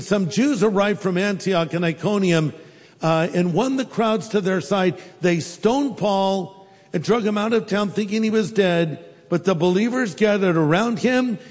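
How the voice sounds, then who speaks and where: A man's voice: high voice, darkish tone, long reverb tail. A man preaching a sermon as a pastor, in a conversational, humorous storytelling way.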